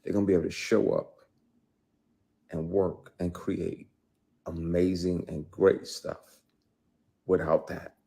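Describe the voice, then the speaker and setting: A man telling a personal story, emphatic, swinging between quiet intensity and loud outbursts. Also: low voice, little pitch movement, takes it slowly, creaky, pauses often, husky. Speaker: actor telling his story. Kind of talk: heated personal account, clip.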